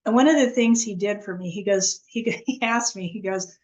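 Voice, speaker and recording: A woman as an interview guest, telling her story earnestly in a halting, casual way with many restarts. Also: medium pitch, darkish tone, rough recording.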